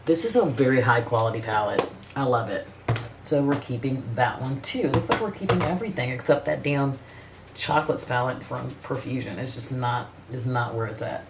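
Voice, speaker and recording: A woman's voice: extremely low pitch, moderate pace, noisy background. A middle-aged woman chatting casually as a beauty vlogger, blunt and profane, rambling with frequent restarts. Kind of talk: casual makeup review chat.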